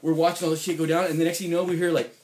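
A man telling a rambling, profane story in casual chat, saying "dude" constantly and getting loud when excited. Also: on the high side, racing, noisy background.

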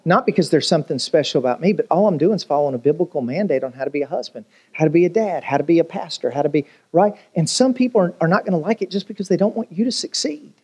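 A man's voice: on the high side, animated, fast talker, hardly any pauses, darkish tone, husky. A man preaching a sermon as pastor, telling jokes and stories and asking the congregation rhetorical questions.

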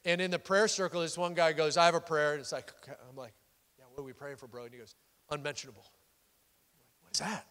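A loud, excitable man preaching a sermon as a pastor, animated and full of quick restarts. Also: fairly high pitch. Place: church sanctuary. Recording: long hall reverb.

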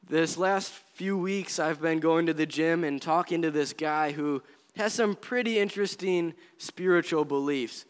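A man delivers a sermon to his congregation with an earnest, conversational manner. His voice sits a little higher than most men's. The sound carries a long reverb, as in a church hall. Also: a little slow, smooth. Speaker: pastor.

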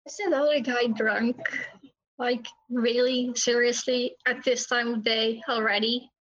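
A woman's voice: on the high side, fairly even intonation, measured pace, fairly bright tone. Wry woman player on a dull mic. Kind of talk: tabletop game chat.

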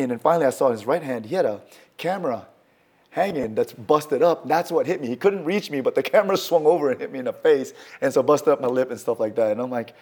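A man telling a story as a guest in a conversation. He talks casually and acts out quoted lines with sudden loud jumps in pitch. He swaps in mild words where he would swear. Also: quick pace. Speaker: guest, firearms trainer.

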